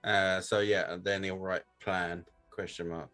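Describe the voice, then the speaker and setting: A man's voice: deep voice, flat delivery, unhurried, bright, forceful tone, soft background music. A man player in a tabletop game, describing his character in an easygoing way. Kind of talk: casual tabletop play.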